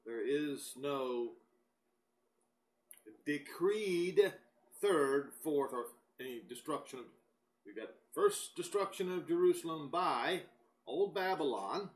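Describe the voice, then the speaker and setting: A man giving a recorded Bible teaching, speaking deliberately and with emphasis, and reading scripture aloud. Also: a little high, expressive, poor audio. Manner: slow, deliberate and emphatic, pausing between phrases.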